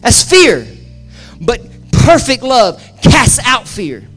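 Impassioned high-voiced male pastor preaching. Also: huge pitch swings, takes it slowly, soft background music. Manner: impassioned, swings from loud to hushed, repeats phrases. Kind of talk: sermon. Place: church service with live audience.

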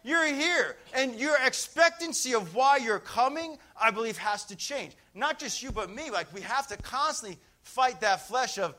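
A middle-aged man preaching a lively sermon, telling stories to his congregation. His voice sits high and sounds bright and forceful. Now and then he shouts a phrase out loud. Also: moderate pace, hardly any pauses. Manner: animated storytelling, shouting out phrases.

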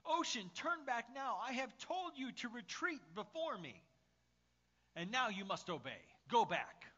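A proud medieval king gives slow, booming commands, as a male preacher puts him on. The voice sits high and bright and swings widely. The recording is slightly muffled. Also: sing-song, exaggerated voice. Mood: furious. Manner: slow, loud royal commands.

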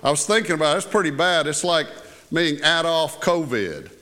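Older pastor, folksy sermon. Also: male voice, fairly high pitch, lively intonation, normal speed, bright, forceful tone. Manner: folksy, conversational, with asides and filler words. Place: church sanctuary.

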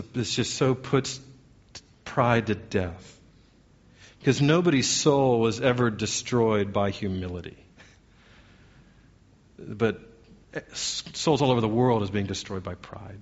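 A man's voice: mid-range voice, measured pace. Man, pastor, earnest sermon, asks the church lots of questions, slightly muffled lo-fi sound.

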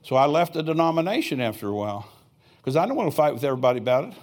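A man's voice: on the high side, very animated, racing, a little mellow. An older man preaching a sermon in a church, telling stories in a folksy way with chuckling asides. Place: church sanctuary.

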